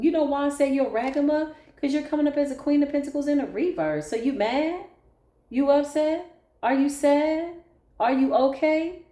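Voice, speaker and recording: A woman giving a casual tarot reading to viewers, animated, blunt and sassy, swearing freely. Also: high voice. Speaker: tarot reader. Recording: echoey room.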